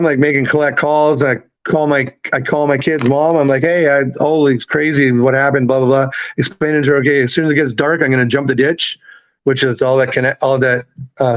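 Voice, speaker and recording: A man in his thirties, a podcast guest, telling his life story in a halting, rambling way with many fillers and restarts. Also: medium pitch. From Canada. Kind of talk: casual storytelling. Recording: slightly dull lo-fi audio.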